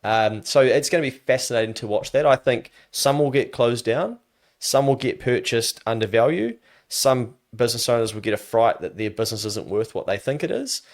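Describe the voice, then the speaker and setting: A man with a New Zealand accent and a mid-range voice speaks at a moderate pace as a business adviser guest on a podcast. He talks casually, an animated storyteller who acts out other people's voices.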